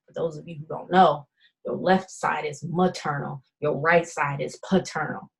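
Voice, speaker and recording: A woman's voice: fairly low pitch, husky, poor audio. A middle-aged woman giving a personal testimony talk, telling her story dramatically with emphatic repetition. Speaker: speaker.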